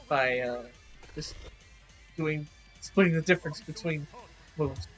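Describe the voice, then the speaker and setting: A man's voice: fairly high pitch, a little slow, pauses often, a bit bright, faint music behind. A man streaming a fighting game, chatting casually and muttering reactions to the match as he plays. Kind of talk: casual gameplay chat.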